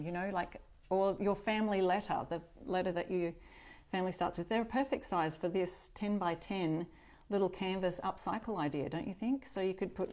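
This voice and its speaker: A woman's voice: medium pitch, a little mellow. A middle-aged woman from Australia hosting a live crafting demonstration, talking chattily to viewers and greeting them as they join. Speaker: upcycling channel host.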